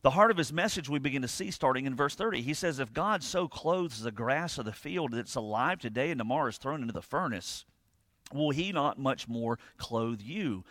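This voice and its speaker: Male pastor, conversational sermon delivery, mid pitch, dry close sound. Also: expressive, normal speed, a bit bright, no echo. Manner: conversational preaching, frequent "right?" to the congregation; reads scripture aloud with rising emphasis.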